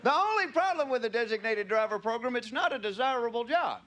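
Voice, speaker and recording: A man's voice: very high-pitched, expressive, a little fast. A man with a Southern US accent doing a stand-up routine, drawling through stories and slipping into voices. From Southern United States. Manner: drawling, storytelling, slips into character voices. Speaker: stand-up comedian. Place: comedy club stage. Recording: live club audio with crowd and noise. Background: laughing audience.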